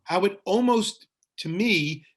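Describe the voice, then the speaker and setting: A man leading a tasting webinar, talking in a thoughtful, descriptive way and pausing to find the right words. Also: sits high, husky. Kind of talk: guided tasting talk. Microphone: webinar mic.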